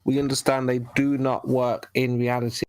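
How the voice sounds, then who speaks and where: A man speaking as the guest in a casual debate, with a middle pitch and an affable, agreeable manner. He repeats himself often, and his voice is recorded dry and close with no room sound. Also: little pitch movement, normal speed, a little mellow, dry recording.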